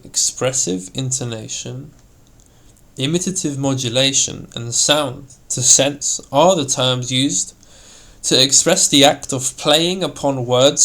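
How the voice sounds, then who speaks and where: Slow, gravelly man reading an elocution text. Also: medium pitch, a bit bright. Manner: slow deliberate reading, acting out example words. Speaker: reader of an old elocution text. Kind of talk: scripted reading aloud.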